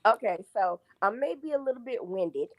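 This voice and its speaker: A woman's voice: on the high side, expressive, normal speed, no echo. Woman, forties, phone-in caller, emphatic, counts off points, dry sound. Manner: chatty, counts off her points, exclaims emphatically. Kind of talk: casual phone-in chat.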